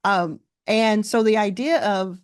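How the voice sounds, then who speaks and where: A woman hosting a business conversation, quick and affirming as she asks questions and explains her plans. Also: mid-range voice, no echo, studio quality. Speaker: host. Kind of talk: casual conversation.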